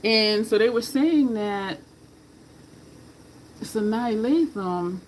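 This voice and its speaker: A woman's voice: on the high side, lively intonation, extremely slow, slight background noise, rough recording. A woman chatting casually while she does her makeup, rambling from story to story, laughing and cursing freely. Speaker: makeup vlogger.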